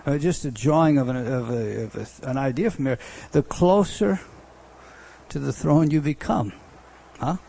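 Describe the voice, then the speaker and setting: Mellow-voiced man teaching a sermon. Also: medium pitch, moderate pace, creaky, husky. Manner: conversational, with frequent restarts and rising emphasis. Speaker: pastor teaching a Bible study.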